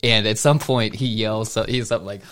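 A man's voice: fairly low pitch, steady tone, brisk, fairly bright tone. A young man casually telling a long story on a podcast, rambling with restarts and breaking into laughter. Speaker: podcast co-host.

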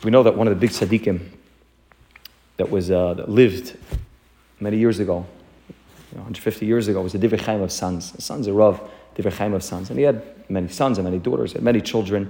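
A man teaching a Torah lesson, telling a story in an earnest, animated way and often repeating himself. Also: fairly low pitch, brisk, pauses often.

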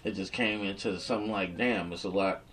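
A man's voice: low-pitched, fairly bright tone, slight background noise. Man telling stories from across the room. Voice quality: slight slur from a dental retainer. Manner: rambling, profane, rapid-fire telling. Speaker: interview guest. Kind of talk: casual storytelling chat. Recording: distant from the mic.

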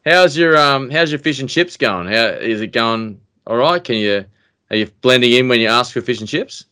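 Teasing host, dry sound. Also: male voice, medium pitch, animated, normal speed, bright, forceful tone, clean tone, no echo. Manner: jokey, teasing. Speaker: podcast host. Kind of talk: casual chat over a video call.

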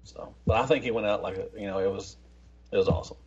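A man's voice: on the low side, fast, husky, muffled recording. A man hosting a podcast in casual, rambling chat, swearing freely. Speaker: podcast host.

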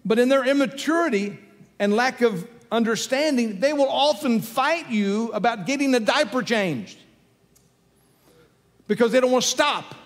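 A man's voice: very high-pitched, normal speed. A man preaching a sermon in a conversational way, repeating his key phrases for emphasis. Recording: long hall reverb with faint music.

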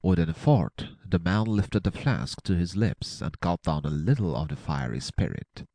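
A man narrates an adventure audiobook with a dramatic, expressive reading. His voice is very low and gravelly, swinging widely in pitch. The recording is dry and close. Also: moderate pace, no room sound.

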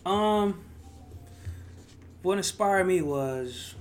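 A man guesting on a podcast in casual chat, speaking in a relaxed, reflective, slangy way. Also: sits high, very slow, faint music behind.

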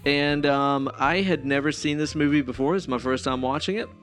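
A man's voice: on the high side, fairly even intonation, normal speed, fairly bright tone, faint music behind. A man in his thirties hosting a casual movie podcast, laughing a lot, swearing and rambling. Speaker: podcast host.

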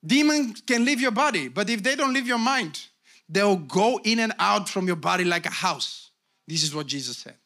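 Preaching at a normal speed, a middle-aged pastor delivers an emphatic, animated sermon. He calls out to his congregation, moving from quiet asides up to shouted high points.

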